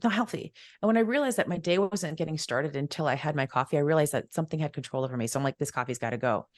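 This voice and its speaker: A middle-aged woman tells a personal story at a quick clip, her voice sitting on the low side. She is emphatic and repeats herself, acting out the dialogue. The sound is close and dry. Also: darkish tone, no room sound. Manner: acts out quoted dialogue, emphatic and repetitive. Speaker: podcast guest, wealth mentor.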